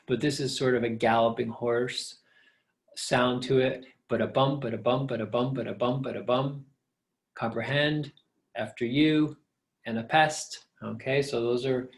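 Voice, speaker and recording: A man's voice: medium pitch, creaky. A middle-aged man, a professor, patiently explaining step by step in a recorded lecture.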